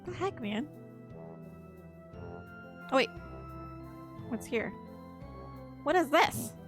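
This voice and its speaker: A young woman with a slightly high voice, rambling through a live game stream. She talks casually and drifts off topic, breaking into swearing when something frustrates her. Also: animated, drawn-out words, over music. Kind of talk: casual live-stream commentary while playing.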